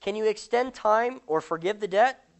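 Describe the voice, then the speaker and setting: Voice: medium pitch, moderate pace, pitched above the performer's own voice, natural voice. A speaker reading a parable aloud and voicing the lines of a desperate male debtor who pleads for mercy. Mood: pleading.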